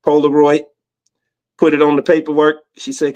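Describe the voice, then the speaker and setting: American guy as a podcast guest, tells stories in a lively casual way, slightly high voice. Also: moderate pace. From United States. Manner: animated, acts out the people in his story. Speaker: guest, music executive. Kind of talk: casual storytelling.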